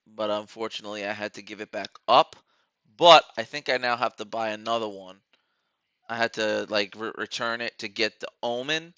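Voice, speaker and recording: A man's voice: medium pitch, sharp tone, smooth, no room sound. A man hosting a live trading stream, rambling casually to his viewers while watching charts.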